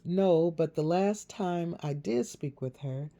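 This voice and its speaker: A woman's voice: lowish voice, slow, warm tone. A woman voicing an anxious young adult daughter who speaks in an earnest, pleading way. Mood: worried.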